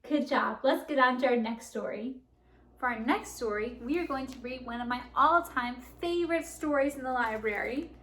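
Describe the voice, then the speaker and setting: A woman reading a picture book aloud to children at a library storytime, warm and animated. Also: high-pitched, moderate pace. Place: public library.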